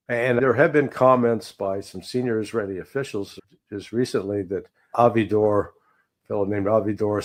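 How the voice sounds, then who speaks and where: A middle-aged man giving heated political commentary, indignant and emphatic with sarcastic asides. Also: fairly low pitch.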